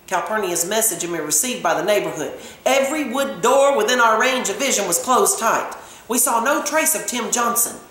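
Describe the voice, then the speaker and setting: A woman reading a novel aloud with expressive storytelling. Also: on the high side, normal speed. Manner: expressive storytelling, hushing for tense moments. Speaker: audiobook reader. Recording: very echoey room.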